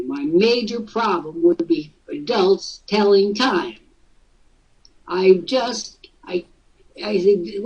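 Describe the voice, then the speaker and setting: A man's voice: high voice, darkish tone, breathy edge, far from the mic, highs cut off. A male host giving casual coaching talk, jokey and teasing, slipping into mock voices.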